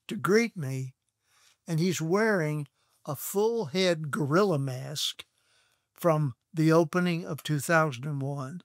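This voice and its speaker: An older man from Texas, a guest on an interview show, telling stories from his past in an unhurried, anecdotal way. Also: a little high, no echo, studio quality. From Texas, USA. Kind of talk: reminiscing storytelling.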